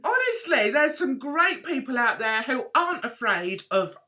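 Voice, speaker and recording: A woman vlogging her opinions in an animated, indignant, chatty way, with sudden outbursts. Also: sits high, moderate pace, few pauses. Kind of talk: opinionated commentary vlog.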